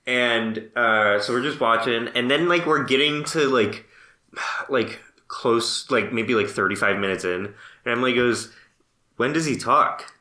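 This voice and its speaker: Podcast co-host, male, bright tone, roomy sound, storyteller who laughs a lot. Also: mid-range voice, unhurried. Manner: laughs often, tells stories with quoted dialogue. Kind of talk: casual chat.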